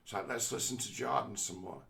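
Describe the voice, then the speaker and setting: A man hosting a podcast, talking through his views in an animated, mocking way, with frequent fillers. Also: mid-range voice, brisk, gravelly, background noise. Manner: animated, mocking quoted voices, many fillers. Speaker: podcast host. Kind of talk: casual commentary.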